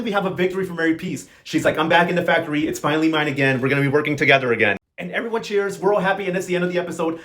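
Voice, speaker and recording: Guy doing a sassy soap recap, talks quick, kinda high, tons of slang. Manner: sassy, slangy, playful quoting of characters. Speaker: novela recap host. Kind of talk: casual recap commentary.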